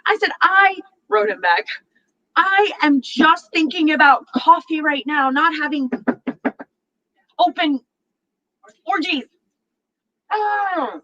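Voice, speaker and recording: Speaking slowly with long pauses, a high-voiced talk show host shares casual stories, playing out others' words and laughing often. She's animated, and the recording has its highs cut off.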